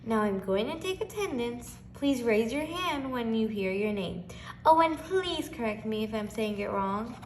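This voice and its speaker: A woman's voice: a little high, animated, a little slow, echoey room, a little hiss or hum. Storybook teacher, cheerful and careful, read by a woman. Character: cheerful kind female schoolteacher.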